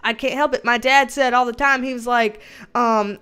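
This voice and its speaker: Her voice sits on the high side, clear and resonant, a bit bright, with fairly even intonation and a moderate pace. This Southern American livestream host rambles cheerfully at home, chatting, laughing a lot and welcoming her viewers.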